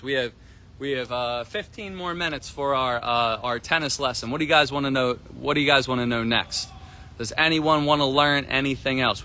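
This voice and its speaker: A man teaching a tennis lesson on a live stream from an outdoor court, energetic and repetitive, often asking "right?". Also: mid-range voice. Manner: energetic, repeats himself, keeps asking "right?". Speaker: tennis coach.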